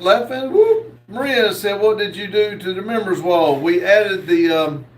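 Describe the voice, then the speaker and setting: A man hosting a live stream, reading viewer comments aloud and answering them, with many pauses and fillers. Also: high-pitched, roomy sound, distant mic, a little hiss or hum, poor audio. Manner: slow, reads comments aloud with many uhs. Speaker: host reading live chat. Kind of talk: casual live stream chat.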